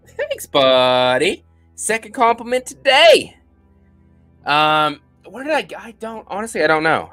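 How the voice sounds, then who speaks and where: A man's voice: a little high, fairly bright tone. A man hosting a live stream, chatting casually and rambling as he answers viewer questions and thanks viewers by name.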